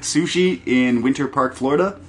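A man co-hosting a casual wrestling podcast, talking in an animated, profane way and acting out quotes in silly voices. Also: mid-range voice, moderate pace, slight background noise. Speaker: podcast co-host.

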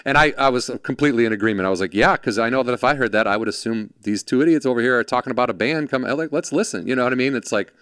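A man's voice: medium pitch, racing, few pauses, clear, resonant tone, dry recording. A man spins a story in easy, profane conversation, jumping into the voices of the people he quotes. His voice sits in a middle register and is recorded close and dry, with no room around it. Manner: animated, acts out quoted voices, swears freely. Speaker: podcast guest, former production assistant. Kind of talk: casual storytelling chat.

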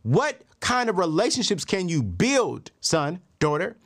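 A man in his thirties hosting a podcast, telling stories and giving money and faith lessons in an animated, preacher-like way with emphatic repeats. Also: high voice, a little slow. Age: 30s. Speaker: podcast host. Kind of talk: motivational talk on money and faith.

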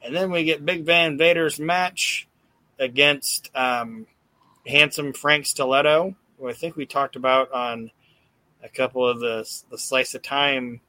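Bright-voiced man, casual podcast recap. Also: mid-range voice, unhurried, dry recording. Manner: animated retelling, acting out quotes, swears freely. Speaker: podcast host recapping wrestling. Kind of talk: casual chat.

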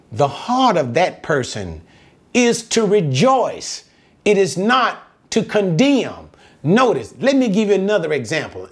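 A man preaching a sermon as a pastor, slow and emphatic, lifting his voice on key phrases and dropping into folksy asides to the congregation. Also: high-pitched.

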